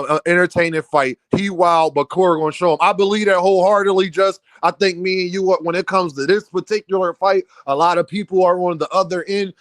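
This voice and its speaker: A man hosting a casual boxing commentary stream, heated and animated, often repeating himself and breaking into near-shouts. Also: sits high, dry recording. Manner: many restarts and repeated fillers.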